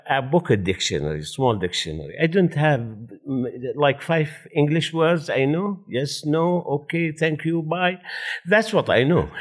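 Lively Arabic-accented man telling stories. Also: fairly high pitch. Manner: animated, laughing, non-native grammar. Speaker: panel speaker. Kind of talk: personal storytelling at a talk.

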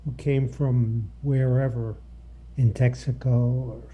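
A man's voice: mid-range voice, flat delivery, slow, warm tone, dull audio, slight background noise. A man on a talk panel, rambling and unsure in casual chat.

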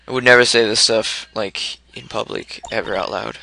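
A man's voice: on the low side, fairly even intonation, moderate pace, gravelly, hardly any pauses, bright, forceful tone. A man giving casual commentary while playing a video game, mumbling and unsure of what comes next. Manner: mumbling, half-remembering, self-deprecating. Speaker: let's play commentator.

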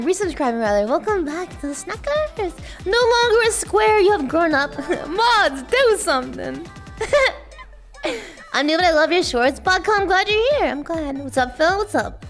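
A woman livestreamer chatting casually with her viewers, hyper and playful, often breaking into shouts and laughter. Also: extremely high pitch, lively intonation, a little slow, faint music behind.

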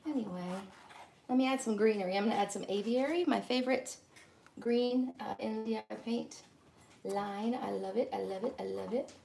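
A woman's voice: mid-range voice, moderate pace, vocal fry, mellow, slight background noise. A middle-aged woman, chatting casually and rambling to live-stream viewers while teaching painting.

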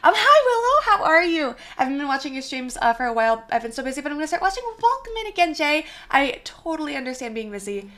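Bubbly high-voiced young woman streamer, slightly hoarse. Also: very animated, fast, few pauses, a bit bright. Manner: bubbly, effusive thanks to chat. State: slightly hoarse, voice partly gone. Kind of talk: casual live-stream chat. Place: small bedroom alcove.

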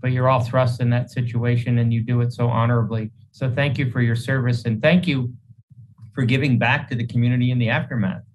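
Guy hosting a meeting, earnest, stops and restarts a lot, flat level delivery. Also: mid-range voice, lo-fi sound. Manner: earnest, halting with repeated restarts. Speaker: state senator hosting a meeting. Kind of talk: formal public remarks.

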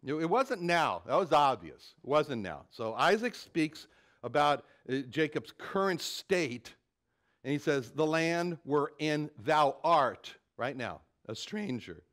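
A man preaching a Bible sermon to his congregation, animated and dramatic when he quotes scripture, often repeating words as he thinks. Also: a little high, unhurried. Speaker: pastor.

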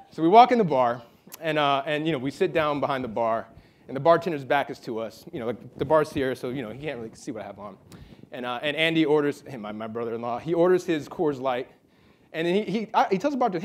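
A man gives a relaxed acceptance speech at an awards event. His voice sits a little high, and he tells a story while stumbling over repeated words and fillers. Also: fairly quick. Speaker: award honoree giving a speech. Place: event hall.

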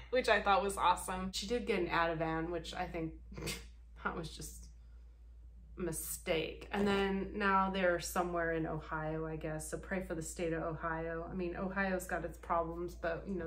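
A woman's voice: lowish voice, fairly bright tone, slight background noise. A woman vlogger giving casual reaction commentary, sarcastic and profane, laughing often.

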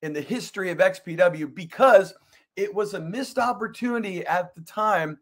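A man's voice: sits high, moderate pace. A man hosting a wrestling podcast, talking in a theatrical, hyped-up way and chatting with his producer. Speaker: podcast host. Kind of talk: energetic show hosting.

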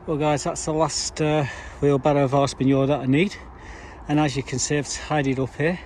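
A fairly high-voiced man rambles through his gardening chores in a relaxed, chatty way, with the odd dry grumble thrown in. He is recorded outdoors at an allotment, and a faint hiss of outdoor ambience sits behind his voice. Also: normal speed. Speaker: allotment vlogger. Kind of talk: casual chat to camera. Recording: faint background noise outdoors.

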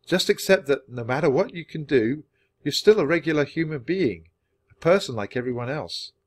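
A man voicing a thoughtful, sincere young boy in a storybook reading, speaking calmly and earnestly. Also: on the high side, moderate pace, voice pushed up. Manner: calm, earnest, reasoning.

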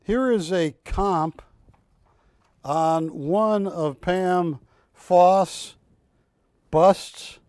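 A man hosting a live shopping channel show, pitching art in joking, drawn-out salesman patter from a studio. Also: a little mellow, dry recording.

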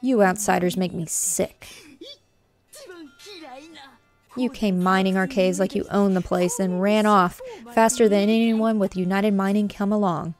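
A woman voicing a scornful, gruff male capybara trader from a game, reading his lines aloud. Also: medium pitch, fairly even intonation, normal speed, hardly any pauses, faint music behind, close to an everyday voice. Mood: contemptuous. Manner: dismissive and scornful.

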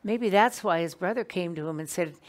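A woman teaching an evening Bible class to a small group in a meeting room, talking in a lively, conversational way and putting questions to the class. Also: on the low side, brisk.

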